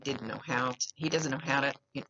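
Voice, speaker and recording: This psychic medium talks briskly in an extremely low voice that still carries a fairly bright tone, and she has a slight lisp. Reading aloud for a client, she stays earnest and reassuring and keeps coming back to key phrases, all captured on a dull lo-fi recording.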